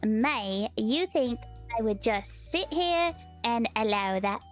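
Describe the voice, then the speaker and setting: A woman's voice: on the high side, lively intonation, slow pace, soft background music. Woman putting on a cutesy young schoolgirl. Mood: prim. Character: sweet teasing young schoolgirl. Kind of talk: game character voice.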